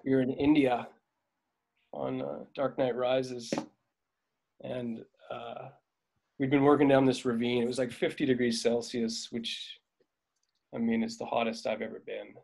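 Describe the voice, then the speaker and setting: A middle-aged man spins loose, rambling anecdotes in a relaxed interview. His voice sits at an ordinary pitch, and he often trails off with fillers and chuckles as he recalls the work. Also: a little slow, vocal fry, long pauses. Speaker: veteran dolly grip, guest. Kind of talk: casual interview storytelling.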